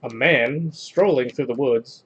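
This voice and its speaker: A man reads jokes off a page for a casual home video, his delivery flat and deadpan. His pitch sits in an ordinary middle register, and he talks at an easy, unhurried pace. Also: breathy edge, lo-fi sound. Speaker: host reading jokes on video. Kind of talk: casual joke reading.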